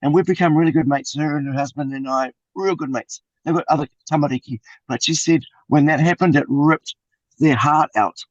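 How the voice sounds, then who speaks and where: A middle-aged New Zealand man speaks in a heartfelt, uplifting way, with a voice on the high side for a man. The sound is dry and a little dull, recorded close with no room echo. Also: a little fast. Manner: passionate, uplifting, weaves in Māori words. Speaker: interview guest, suicide survivor and mentor. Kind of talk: heartfelt storytelling interview.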